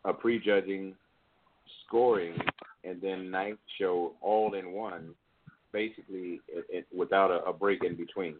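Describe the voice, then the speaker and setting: Deep-voiced man on a tinny line. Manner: exclaims often, teasing. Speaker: podcast co-host. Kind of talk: casual chat.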